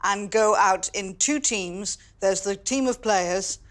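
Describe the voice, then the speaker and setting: A woman's voice: mid-range voice, slow pace. A woman hosting a dinner party, chatting casually and telling stories in a theatrical, dramatic manner. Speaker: dinner party host and contestant. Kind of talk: casual chat and storytelling.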